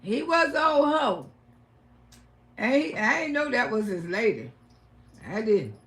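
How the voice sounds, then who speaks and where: A woman hosting a livestream, telling stories loudly and profanely, often laughing. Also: fairly high pitch, unhurried. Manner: loud, animated, laughing, profane advice to women. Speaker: livestream host. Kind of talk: casual storytelling livestream.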